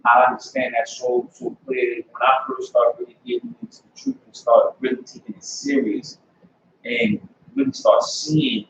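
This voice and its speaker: A man tells his story to a class in an emphatic, lively voice, with a gravelly edge and big pitch swings as he acts out other people's lines. He is far from the mic in a very echoey room, and the recording sounds dull and lo-fi with faint noise. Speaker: class member giving testimony. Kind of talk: personal testimony in a class.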